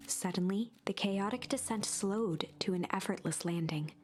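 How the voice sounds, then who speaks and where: A woman narrating a storybook adventure game in a calm, even, scripted storytelling voice. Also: medium pitch, unhurried, slight background noise, lightly acted.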